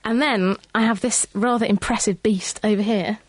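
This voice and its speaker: A woman co-presenting a science radio show in a studio, explaining things clearly. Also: medium pitch, fairly even intonation, normal speed, loud music behind the voice. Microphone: studio mic.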